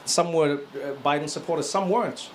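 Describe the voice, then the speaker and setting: A man performs a stand-up set, telling his story with lively energy and breaking into acted-out voices. His voice sits fairly high. It was caught live in a venue, with clear crowd noise behind him. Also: brisk. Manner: animated storytelling, acts out voices with loud high bursts. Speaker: stand-up comedian.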